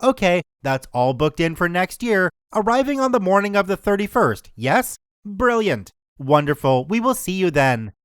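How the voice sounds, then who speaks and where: A man voicing an overly polite hotel receptionist, smooth and courteous. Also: high-pitched, big pitch swings, normal speed, dry recording, studio quality.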